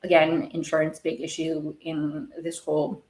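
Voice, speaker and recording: Lady podcaster ranting about a tv episode, kinda low voice, echoey room. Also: completely flat delivery, moderate pace, darkish tone. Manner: rambling, gets worked up and emotional. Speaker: podcast host. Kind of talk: casual TV recap commentary.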